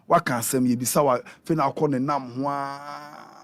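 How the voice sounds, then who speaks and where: A Ghanaian man, a prophet who guests on a radio talk show, preaching in a lively way and switching between Twi and English. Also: mid-range voice, moderate pace. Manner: animated, mixes Twi and English, acts out quotes.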